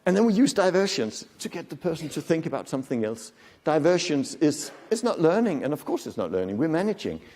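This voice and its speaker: Lively male lecturer in a reverberant hall. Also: fairly high pitch, fairly quick. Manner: lively, demonstrates voices, asks the audience questions. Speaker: conference speaker. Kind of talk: lecture to an audience. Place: conference hall.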